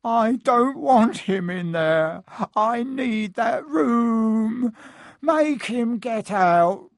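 A man voicing a spoiled, tantrum-prone boy who bawls and shouts in a high, drawn-out voice. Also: lively intonation, dry recording, clean studio sound, exaggerated voice. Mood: bawling.

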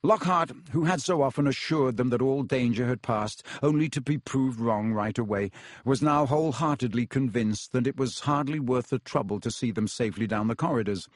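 A man reads a fantasy novel aloud in a measured, even storytelling voice of middle pitch. The sound is close and dry, with no room around it. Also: no echo. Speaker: audiobook narrator. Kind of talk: scripted narration.

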